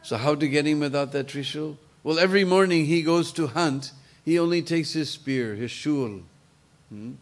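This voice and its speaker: A man telling a devotional story in an animated way, with chatty asides to his listeners. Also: fairly high pitch, normal speed.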